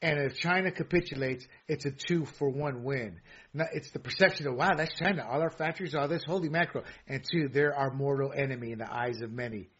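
A man chatting casually about politics, animated and laughing, with many stammered restarts and fillers. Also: medium pitch, fairly quick, breathy edge. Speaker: co-host. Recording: dull lo-fi audio.

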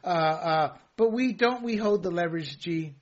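A man chatting casually about politics, animated and laughing, with many stammered restarts and fillers. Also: sits high, normal speed. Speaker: co-host. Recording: dull lo-fi audio.

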